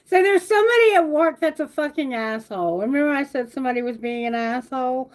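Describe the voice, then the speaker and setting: A high-voiced woman reads tarot cards on a live stream. She talks straight to her viewers, blunt and animated, and swears freely as she goes. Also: fast, hardly any pauses. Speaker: tarot reader.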